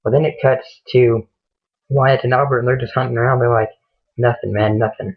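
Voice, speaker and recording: A young man with a steady, mid-range voice briskly retells a gory horror story, rambling and swearing as he goes. He slips into the characters' lines without changing his voice, and the audio is muffled and phone-like.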